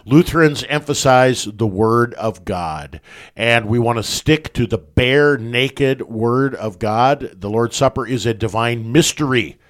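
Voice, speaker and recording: A man's voice: mid-range voice, measured pace. Earnest male talk-show host. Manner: earnest, reads quotes aloud. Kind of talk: radio talk show discussion.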